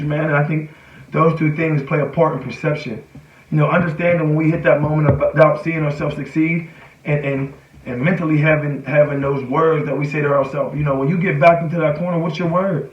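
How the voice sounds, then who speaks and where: A man's voice: a little high, steady tone, brisk. A man giving a casual motivational talk, conversational and often checking in with "right?" and "you know". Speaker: motivational speaker. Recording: echoey room, distant mic, dull sound.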